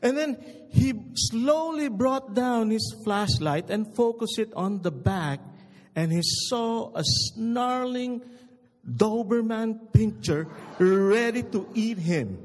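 A male pastor delivering a sermon in a high voice, slow and emphatic as he tells his stories. His words ring out with a long reverb, as in a church hall.

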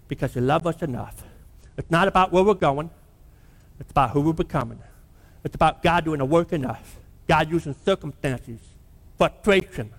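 High-voiced pastor preaching in a hall. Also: male voice. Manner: animated storytelling, acting out the characters' lines. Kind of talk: sermon. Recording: long reverb of a large hall.

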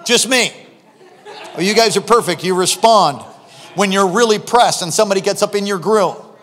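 A man preaching a sermon as pastor, animated, swinging between loud exclamations and quiet asides. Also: high-pitched, moderate pace, big-room sound.

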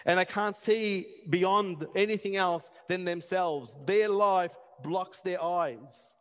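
A man preaching a passionate sermon, repeating words and building to near-shouts. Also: high-pitched, slow, smooth. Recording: long reverb of a hall.

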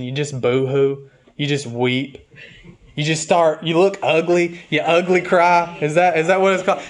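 High-voiced earnest male preacher. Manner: earnest, confessional preaching, reads hymn lyrics slowly and softly. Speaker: pastor. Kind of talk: sermon.

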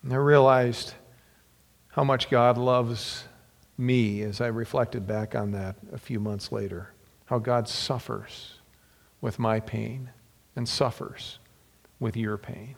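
A middle-aged man preacher telling personal stories in a sermon, halting and heartfelt, with repeated words and whispers on tender lines. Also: medium pitch, fairly even intonation, gravelly. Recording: long hall reverb.

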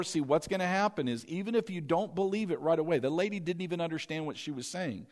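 A man's voice: fairly high pitch, animated, a little fast. A man preaching a sermon, repeating phrases over and over as he builds emphasis. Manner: repetitive, building intensity with chanted phrases. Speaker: pastor.

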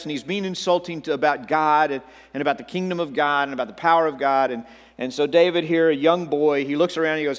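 Earnest preacher with a high-ish voice. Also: male voice, a bit bright, in a large hall. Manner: earnest, repeats words, slows to stress points. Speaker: pastor. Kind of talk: online sermon.

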